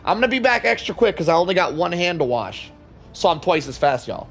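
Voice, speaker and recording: A man hosting a live game stream and chatting with his viewers in a loud, excitable, joking way, swearing freely. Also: sits high, fairly quick, soft background music. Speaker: livestream host. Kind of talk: casual live gameplay commentary.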